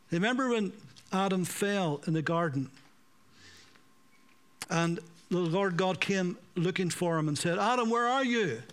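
Man, preaching a sermon, deliberate slow pace, emphatic then hushed delivery. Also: high voice. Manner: dramatic swings between raised emphasis and hushed, slowed delivery.

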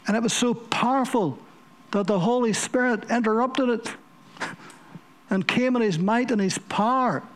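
A man's voice: very high-pitched, moderate pace. A man preaching a sermon, telling stories vividly and repeating words for emphasis. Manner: vivid storytelling with emphatic repetition.

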